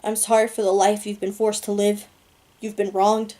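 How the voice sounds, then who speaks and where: A woman gives voice to a teenage boy hero, earnest and pleading in a storybook telling. The tone is mellow and dark, and the pitch stays flat. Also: moderate pace, natural voice.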